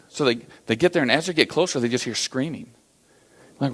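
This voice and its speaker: A man's voice: mid-range voice, fast talker. A male motivational speaker addressing an audience from the stage. He talks in a folksy, conversational storytelling manner with an everyday mid-range voice. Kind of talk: live keynote talk.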